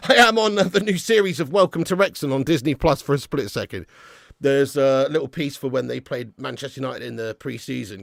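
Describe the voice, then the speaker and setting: A man hosting a live football watch-along, reading viewers' messages and ranting with lots of swearing, loud one moment and low and glum the next. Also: gravelly, no room sound, studio quality. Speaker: YouTube fan channel host.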